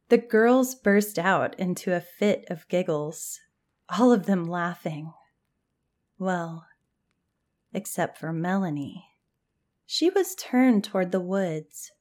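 A woman narrating a scripted campfire story in a calm, measured way. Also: lowish voice.

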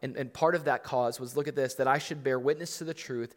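A man's voice: mid-range voice, steady tone, a little fast. A male pastor preaching a sermon in a conversational way, with many fillers, building up to emphatic points. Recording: long echo of a large hall.

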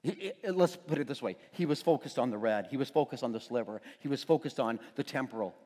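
A man's voice: medium pitch, fast. A man preaching a sermon in a church, talking conversationally and joking with the congregation. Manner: animated, conversational preaching with playful asides to the congregation. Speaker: pastor. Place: church sanctuary. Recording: long reverb in a big room.

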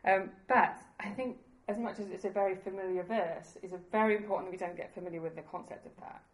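A woman's voice: medium pitch, steady tone, fast talker, reverberant, low-quality recording. A woman preaching a sermon in an earnest, conversational way, laughing at herself now and then.

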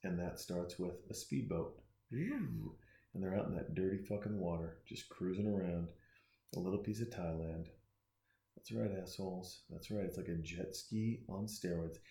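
Man, deep and mellow, excitable profane monologue, roomy echo. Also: normal speed, gravelly. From Austin, Texas. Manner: profane, preachy and excitable, with frequent restarts. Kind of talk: casual rambling monologue while watching a movie.

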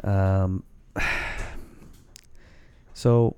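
A man's voice: low voice, steady tone, very slow, warm tone, smooth. A man hosting a casual chat, reading a story aloud in an amused, laid-back way and swearing casually.

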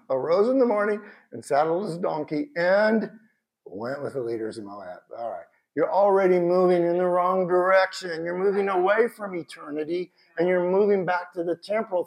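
High-voiced animated male preacher. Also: moderate pace. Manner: conversational, animated, bursts of shouted emphasis. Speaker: pastor. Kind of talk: sermon.

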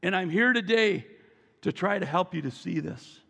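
A man's voice: sits high, normal speed, gravelly, fairly bright tone. A male pastor preaching a sermon with emphasis and calling the congregation to repeat after him. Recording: long reverb from a large hall.

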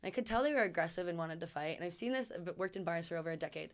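A woman telling a story in casual chat, animated and laughing, acting out what people said. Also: lowish voice, very fast. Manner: animated, laughing, acts out quotes. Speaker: guest storyteller.

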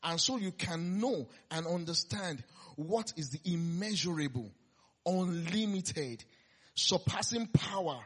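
A man preaching a conversational sermon, laughing often and swinging between loud emphasis and quiet asides. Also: fairly high pitch, slightly rough.

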